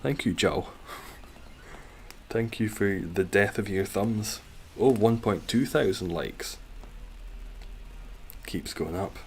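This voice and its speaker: Scottish male streamer, low voice, slow and easy delivery, jokey and sweary, casual game-stream chat. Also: a little mellow, slight background noise. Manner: joking, rambling and sweary.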